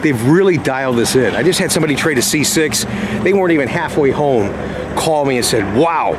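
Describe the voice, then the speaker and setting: A man's voice: medium pitch, lively intonation, fairly quick, background noise. A middle-aged man hosting a car sales vlog, chatting casually to viewers and acting out customers' lines as he tells stories. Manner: chatty storyteller, acts out callers' voices. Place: outdoors at a dealership lot.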